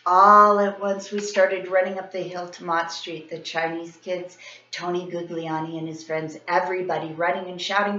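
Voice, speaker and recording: Bright, expressive woman reading a storybook. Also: mid-range voice, moderate pace. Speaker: teacher. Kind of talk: children's story read-aloud. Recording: roomy, slightly dull sound.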